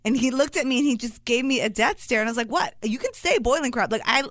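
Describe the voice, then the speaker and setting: A woman co-hosting a podcast in casual chat, telling animated stories with lots of agreeing fillers. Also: on the high side, fast. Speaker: podcast co-host.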